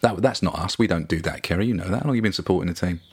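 A man, co-hosting a football podcast. He rants animatedly in casual chat and keeps acting out the shouts of fans around him. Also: deep voice, racing, breathy edge. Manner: animated ranting, acts out fans' shouts. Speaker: podcast co-host.

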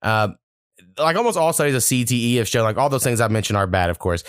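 A man's voice: medium pitch, very animated, quick pace, smooth, dry recording, studio quality. A young man, hosting a casual podcast and telling long, profane, rambling stories. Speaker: podcast host.

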